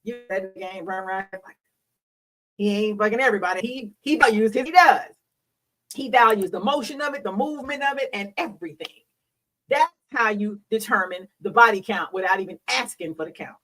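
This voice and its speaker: A woman's voice: medium pitch, animated, brisk, pushed and bright, far from the mic, rough recording. A middle-aged woman talking frankly and bawdily to her audience, preachy and laughing often. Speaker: host; hospital worker. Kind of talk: candid solo talk.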